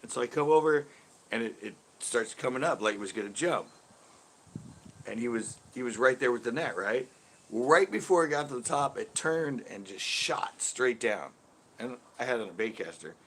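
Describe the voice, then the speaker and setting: A man chats casually on a livestream after a show. He tells stories in a relaxed way, laughs a lot and breaks into animated impressions of his friends. His voice sits at an average pitch. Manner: laughing often, animated when quoting others. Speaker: livestream host. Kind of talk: casual storytelling chat.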